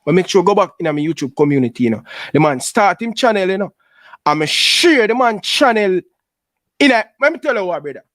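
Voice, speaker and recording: A man with a Jamaican accent hosts a YouTube show, venting in heated, casual chat with an aggrieved air and repeating "brother" again and again. His high voice swings widely in pitch, brisk and fairly bright, with no room sound.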